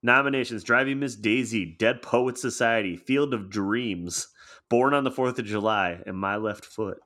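A man's voice: medium pitch, moderate pace, bright, forceful tone. A man on a casual movie podcast, reading out award facts in a matter-of-fact way. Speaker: podcast co-host.

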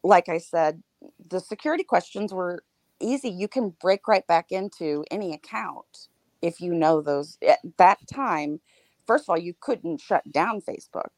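A woman podcast co-host recounting a personal experience in a candid, animated way, laughing now and then between grim details. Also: fairly low pitch, unhurried, no room sound.

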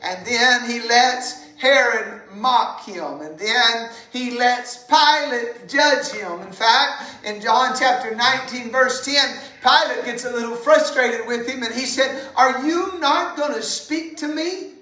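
A woman preaching a sermon in a church, impassioned and rising to shouts. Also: fairly high pitch, slow, hardly any pauses, reverberant, poor audio.

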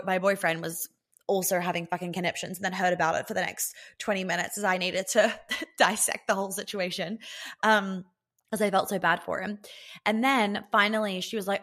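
A woman's voice: mid-range voice, a bit bright. A woman hosting a podcast as a relationship coach, talking casually and bluntly, swearing freely and filling her speech with "like". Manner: chatty and blunt, swears freely, many "like" fillers.

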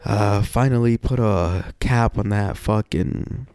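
A man with a low, gravelly voice talks slowly through a casual personal monologue. He rambles, fills gaps with "you know" and swears often. The sound is dry and close. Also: darkish tone, no echo. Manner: reflective, wry, sighs and laughs between thoughts.

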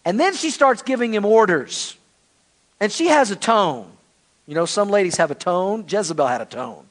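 Brief: man pastor, animated conversational sermon, high voice. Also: normal speed.

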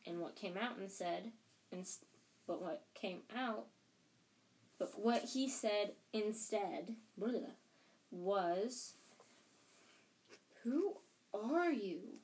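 A woman's voice: mid-range voice, slow, pauses often, darkish tone. Woman casually reading an audiobook. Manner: plain, unpolished reading with restarts. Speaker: audiobook reader and podcast host.

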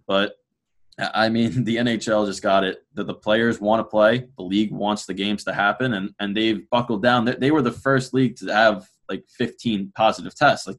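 A man with a somewhat low voice co-hosting a sports podcast. He talks earnestly in a casual way, with a dry, slightly sarcastic edge. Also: a bit bright. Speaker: podcast co-host.

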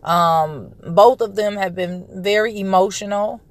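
A woman in her thirties, a podcast host and parent, delivers a casual monologue, telling a story in a chatty way. She's recovering from a respiratory illness and clears her throat; her voice is medium-pitched and a little slow, with no echo.

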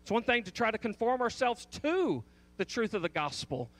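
A man's voice: high voice, big pitch swings, normal speed, fairly bright tone, no echo. A man preaching a sermon, pressing a repeated question with emphatic stress and frequent restarts. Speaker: pastor.

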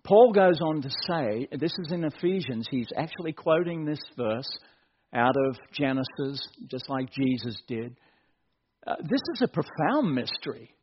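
A man preaching a sermon as pastor, joking and building to excited shouts. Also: mid-range voice, a little slow, muffled recording, background noise.

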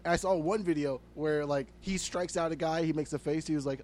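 A man's voice: fairly high pitch, brisk, darkish tone, slight background noise. A young man co-hosting a comedy podcast, ranting animatedly with lots of swearing and filler words. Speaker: podcast co-host. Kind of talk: casual comedic podcast chat.

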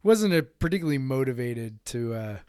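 A man in his thirties chatting on a podcast, mid-pitched and easygoing, who rambles through stories, trips over restarts and laughs often. His voice sits close and dry, with no room sound around it. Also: lively intonation, fairly quick, darkish tone, clear, resonant tone, no echo. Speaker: podcast co-host. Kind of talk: casual chat.

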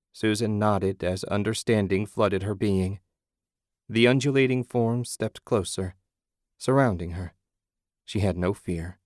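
Brief: male audiobook narrator, lowish voice, measured and dramatic, dry studio sound. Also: darkish tone, no room sound.

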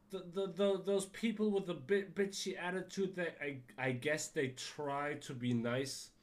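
A man with a cold rambles through a story at an unhurried, drawn-out pace. His voice sits a little high for a man, and he keeps circling back with fillers and restarts. He swears casually as he talks to his podcast listeners. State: has a cold. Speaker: podcast host.

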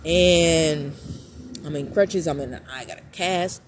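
A man's voice: on the high side, takes it slowly, a crowd in the background. A man telling a personal story in a casual vlog, blunt and profane, often restarting and repeating himself. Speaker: vlogger. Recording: clear steady background noise.

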